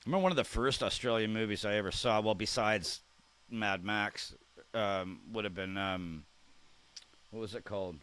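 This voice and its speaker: Low-voiced man chatting with his stream. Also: normal speed, fairly bright tone, clean tone. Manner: chatty, reacts aloud to chat messages, repeats words while trying them out. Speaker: streamer reading live chat. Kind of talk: casual live-stream chat.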